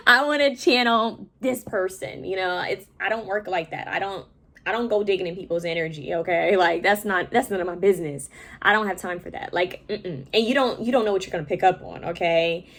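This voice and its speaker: Rambling young woman psychic, lowish voice. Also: fairly quick. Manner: rambling, conversational, often checks in with "okay?". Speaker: psychic medium and tarot reader. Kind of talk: casual talk to viewers.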